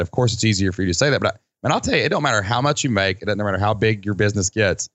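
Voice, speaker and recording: A man hosting a podcast in casual chat, animated and folksy, acting out quoted people with big jumps in his voice. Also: on the low side, quick pace, few pauses, no echo. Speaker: podcast host.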